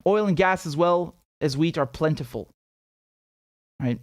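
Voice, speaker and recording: Male live-stream host, higher voice, profane and blunt, reading chat on a dry close mic. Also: measured pace, no echo. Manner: blunt, profane, animated, with many repeated words. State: has a headache. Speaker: political commentator hosting a live stream.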